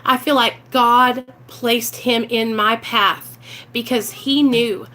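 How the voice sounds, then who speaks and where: Speaking slowly from inside a car, a recovery vlogger from Arkansas talks to her viewers about getting over addiction in a heartfelt, casual way. Her Southern-accented voice is a little high and sharp, with fairly even intonation. She sounds earnest and emotional, sometimes close to tears.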